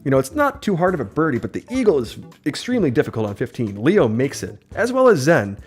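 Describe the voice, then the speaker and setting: Male streamer, lively play-by-play, slightly tired voice, mid pitch, faint music bed. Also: brisk, hardly any pauses, husky. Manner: upbeat, excitable play-by-play. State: voice slightly worn. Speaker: livestreamer. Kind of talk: live gameplay commentary. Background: faint game music.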